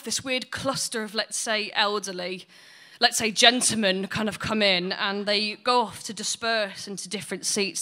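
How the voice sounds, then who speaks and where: A woman's voice: mid-range voice, sharp tone. A woman doing blunt, sweary, self-mocking stand-up storytelling. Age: 20s. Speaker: stand-up comedian.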